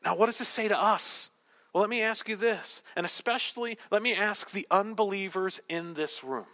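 A male pastor preaching a sermon to a congregation, swinging from loud, emphatic declarations to hushed whispers. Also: high voice, moderate pace. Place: church hall with congregation.

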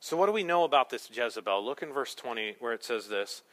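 A man's voice: medium pitch, expressive, fast talker, a bit bright. A male pastor preaching a sermon, emphatic, with rhetorical questions and humorous asides.

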